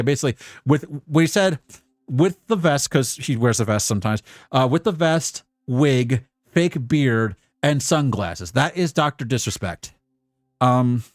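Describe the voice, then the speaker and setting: A man streaming as a VTuber, giving casual commentary in a rambling, profane, emotionally animated way. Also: medium pitch, no room sound, clean studio sound.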